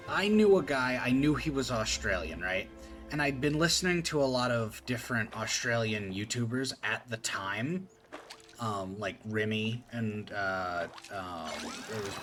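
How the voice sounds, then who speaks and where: A man's voice: lowish voice, a bit bright. A man from Appalachia with a faint rural accent, chatting casually as a streamer and telling rambling stories full of fillers. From Appalachia, USA. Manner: rambling storytelling with many fillers. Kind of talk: casual chat while gaming.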